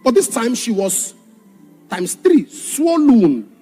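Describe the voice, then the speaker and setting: A man preaching a sermon and telling a personal testimony, dramatic, shouting some points and dropping low on others. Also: very animated, takes it slowly, slightly rough, soft background music. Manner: dramatic, shouts for emphasis then drops low. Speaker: pastor.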